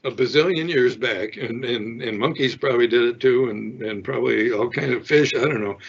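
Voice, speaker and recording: Speaking at a normal speed in a mid-range voice with vocal fry and a breathy edge, this older man works as a parenting expert. He offers conversational advice, takes viewer questions, and plays out short example dialogues. Faint noise sits under the dull, lo-fi audio.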